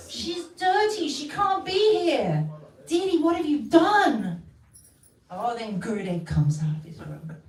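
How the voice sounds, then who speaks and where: A woman's voice: a little high, a little mellow. A woman from the West telling a personal story to a group, acting out the voices she quotes. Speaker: storyteller sharing a memory. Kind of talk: casual spoken testimony. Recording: roomy, distant mic with faint ambience.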